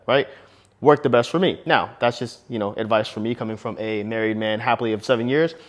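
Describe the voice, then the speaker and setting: Young male vlogger, quick slangy advice delivery, tosses in "bro" a lot. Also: on the low side. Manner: slangy, punchy, fillers like bro and man. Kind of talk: casual advice talk with storytelling.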